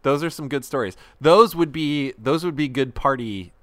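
A man's voice: mid-range voice, fairly bright tone, dry recording. Joking man, dry close sound. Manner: joking, quick to chime in. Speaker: podcast co-host. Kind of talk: casual chat.

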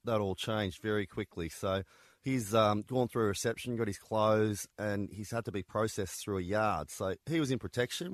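A man's voice: lowish voice, no room sound, studio quality. A man, an author telling prison stories in a conversational interview, with frequent ums and restarts. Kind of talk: interview guest recounting stories.

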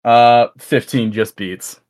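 A man narrating as game master in a tabletop game, halting with many fillers. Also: medium pitch, fairly even intonation, a little mellow, no echo.

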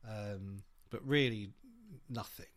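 A man, a rock journalist, chatting casually and telling animated anecdotes. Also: lowish voice, slow. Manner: animated storyteller, acts out quotes.

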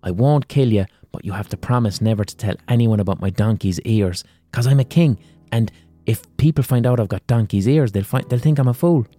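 A man's voice: mid-range voice, fairly quick, warm tone, soft background music, lightly acted. An Irish man voicing a menacing ancient king in a folk tale he is retelling, talking blunt and profane. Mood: grudging. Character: threatening ancient king with a secret.

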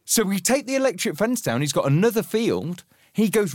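A man co-hosting a podcast, telling a funny story in a casual, swearing, animated way and acting out the voices. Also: high voice, fairly quick, no room sound, studio quality. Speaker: podcast co-host.

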